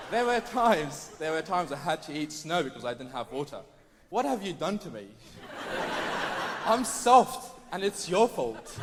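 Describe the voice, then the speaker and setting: A man's voice: on the high side, heavy background noise. Man doing wry stand-up in a big hall. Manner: wry, mock-posh impressions of British people. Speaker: stand-up comedian. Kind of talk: stand-up comedy set. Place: large theatre stage. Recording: live theatre with long reverb. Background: faint audience ambience.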